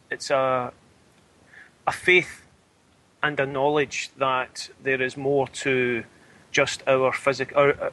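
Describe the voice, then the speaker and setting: A Scottish man speaking as a radio interview guest, measured and thoughtful, pausing to search for words. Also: mid-range voice, pushed and bright, poor audio. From Scotland. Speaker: spiritualist medium, guest.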